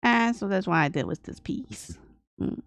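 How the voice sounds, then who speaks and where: A woman artist thinking aloud as she draws on a livestream, talking in a deliberately aged, grandma-like voice in short, broken phrases. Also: medium pitch, big pitch swings, no echo, studio quality. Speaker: artist streaming her drawing process. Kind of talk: casual livestream commentary while drawing.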